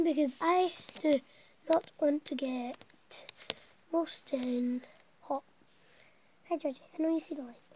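A woman's voice: sits high, lo-fi sound, a little hiss or hum. A woman vlogging from inside a small blanket fort at night, out of breath, rambling and chatty and now and then dropping to a whisper. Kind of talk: casual night vlog. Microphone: camera set close by.

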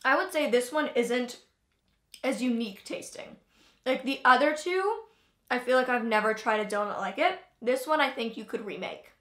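A woman's voice: fairly high pitch, expressive, normal speed, fairly bright tone, echoey room. A young woman hosting a casual taste-test vlog, chatting in a loose, filler-heavy way and talking between bites. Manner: chatty, filler-heavy, talks while chewing. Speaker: vlogger host.

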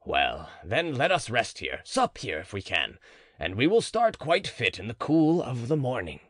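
A man's voice: medium pitch, huge pitch swings, unhurried, a bit bright, no echo, studio quality, heavily acted. A man voicing a portly, worn-out provost who speaks in a heavy, formal and polite way. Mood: pleading. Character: portly, worn-out middle-aged male provost.

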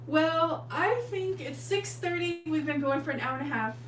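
A woman's voice: high voice, normal speed. Woman artist chatting to her stream, roomy echo, humming noise in the background. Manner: chatty and affectionate, addresses viewers as "you guys". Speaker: artist hosting a painting livestream. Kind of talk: casual livestream chat to viewers. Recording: echoey room, mic at a distance, steady hum.

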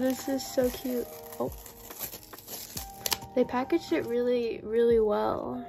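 A young woman vlogging an unboxing haul, gushing and excitable with breathy exclamations. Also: fairly high pitch, slow. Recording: background music.

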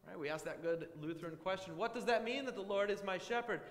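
A man preaching a sermon as guest pastor, earnest and emphatic, slowing down to stress key phrases. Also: high voice, fairly even intonation. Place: church sanctuary. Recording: echoey church with long reverb.

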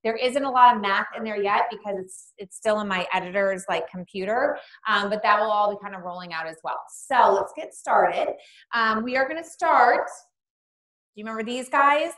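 A woman teacher giving an online early-literacy lesson to young children. She talks chattily between activities, then slows into call-and-response spelling and a sing-song chant. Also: mid-range voice, a bit bright. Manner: chatty, loose asides with fillers between activities.

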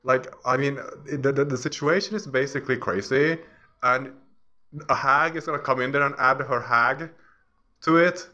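A man in the middle of a scornful rant, talking at an ordinary pitch while he clicks through pages at his computer. He laughs and mutters as he goes, and his voice keeps swinging between loud outbursts and low grumbles. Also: fairly even intonation, moderate pace. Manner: mocking, ranting, laughs often. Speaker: vlogger. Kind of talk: casual ranting commentary while browsing.

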